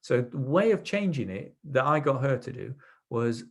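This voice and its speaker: An expressive male voice in the mid range, at normal speed, belongs to an NLP trainer giving a webinar lecture. He teaches by recounting his sessions, with many restarts along the way.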